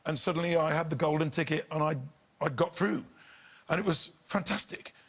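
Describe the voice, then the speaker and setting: A man's voice: on the high side, fairly quick. A man, telling anecdotes on a chat show and slipping into voices. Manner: animated storyteller, slips into voices and impressions. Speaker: guest. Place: TV studio with audience.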